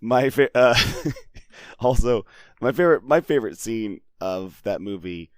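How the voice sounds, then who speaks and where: A man's voice: lowish voice, expressive, measured pace, a little mellow, dry recording, studio quality. A man co-hosting a podcast in casual chat, rambling with restarts and quoting movie lines. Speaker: podcast co-host.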